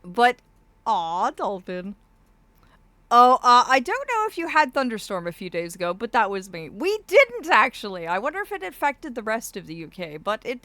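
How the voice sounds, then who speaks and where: A woman's voice: fairly high pitch, sharp tone, dry recording. A woman streaming live as a fey persona. She chats casually and reads viewer messages, calling viewers darlings and laughing often. Her speech is slightly impeded by a swollen cheek.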